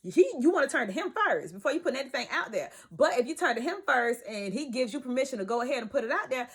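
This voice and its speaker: A young woman, vlogging from her bed in an emphatic, preachy way that swings from loud to hushed. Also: fairly high pitch, expressive, fast talker, breathy edge. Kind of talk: casual talk to camera. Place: bedroom, sitting in bed.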